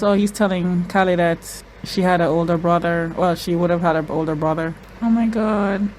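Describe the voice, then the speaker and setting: A reaction video host giving casual commentary, excitable, reacting to the screen and repeating words for emphasis. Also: medium pitch, a little hiss or hum, rough recording.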